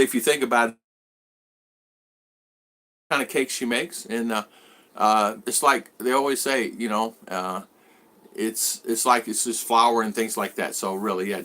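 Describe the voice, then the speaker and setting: A man in his sixties hosts a relaxed live-stream vlog, wandering from topic to topic as he greets viewers by name and responds to their comments. His mid-range voice is bright and forceful.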